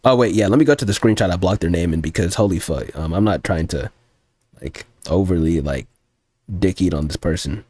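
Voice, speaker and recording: A man's voice: sits low, expressive, fairly quick, darkish tone, no room sound. A young man streaming as a music producer, telling a rambling, profane story in heavy slang with a casual, ranting delivery.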